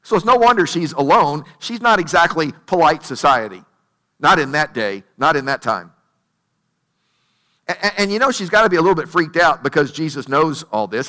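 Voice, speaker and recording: Bright, high-voiced conversational preacher. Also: male voice, expressive, moderate pace, in a large hall. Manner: conversational storytelling with rhetorical questions. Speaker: pastor. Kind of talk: sermon.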